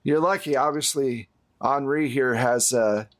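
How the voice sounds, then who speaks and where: A man's voice: mid-range voice, measured pace, close to an everyday voice. A man voicing a brusque, impatient male film director in a tabletop game. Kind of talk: tabletop role-play character voice.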